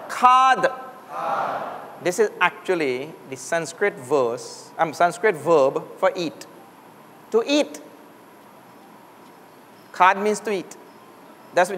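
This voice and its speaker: High-voiced man teaching in a hall. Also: sharp tone, a little hiss or hum. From Trinidad and Tobago. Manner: drills sounds aloud for students to repeat. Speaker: Sanskrit teacher. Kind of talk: classroom lesson. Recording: long hall reverb.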